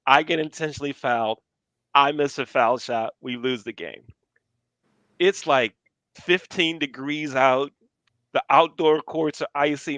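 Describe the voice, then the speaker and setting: A man's voice: mid-range voice, no echo. An older man casually telling stories from his youth, acting out the people he quotes. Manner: animated storyteller acting out quotes. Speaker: storyteller guest.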